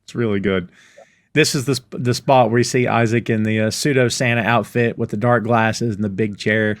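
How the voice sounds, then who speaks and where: A man's voice: fairly low pitch, steady tone, moderate pace, dry recording, clean studio sound. A man co-hosting a casual review podcast, enthusiastically recapping scenes with a laugh here and there. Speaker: podcast co-host.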